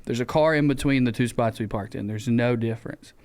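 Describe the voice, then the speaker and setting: Southern man telling a story, smooth voice. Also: mid-range voice, brisk. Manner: animated storyteller who acts out shouted quotes and swears freely. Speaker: podcast co-host. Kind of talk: casual storytelling chat.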